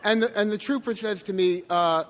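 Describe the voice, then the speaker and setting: A man in his twenties telling a true story at a live story slam, animated and self-mocking, acting out other voices. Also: sits high, normal speed. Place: stage in a hall with an audience. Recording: live hall recording with reverb and faint noise.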